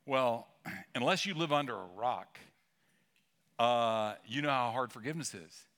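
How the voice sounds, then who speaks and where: A man's voice: mid-range voice, unhurried, a bit bright. A middle-aged male pastor giving a sermon in a church, talking in a casual, joking way and telling a story. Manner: conversational storytelling with humor. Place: church sanctuary.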